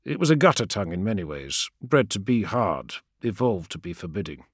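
A man narrating a story in a measured, dramatic storytelling manner. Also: on the low side, sing-song, breathy edge, dry recording, studio quality. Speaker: audiobook narrator. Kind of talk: scripted narration.

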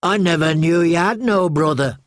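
A man's voice: fairly high pitch, moderate pace, no room sound, studio quality, voice pushed up, lightly acted. A man voicing a nosy, anxious young boy who talks eagerly and gets defensive. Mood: curious.

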